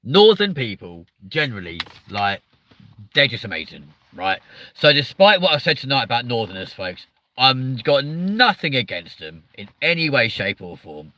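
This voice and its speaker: A man's voice: medium pitch, very animated, normal speed, bright, forceful tone. A man with a southern English accent hosting a live show, rambling, swearing and poking fun at himself as he chats with viewers. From southern England. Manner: rambling, sweary, self-mocking. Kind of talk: casual live-stream chat with viewers.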